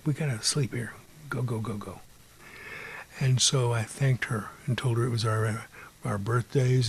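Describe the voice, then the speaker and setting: Male storyteller, husky voice, unhurried personal ghost tale with hushed asides and mimicked beeps. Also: medium pitch. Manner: unhurried, mimics beeping sounds; drops to a hushed whisper at times.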